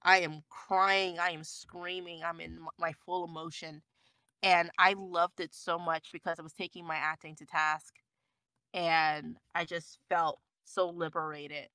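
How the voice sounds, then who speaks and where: A woman guest voice actor chatting casually on a podcast, animated and laughing often. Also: sits low, a little slow, no echo.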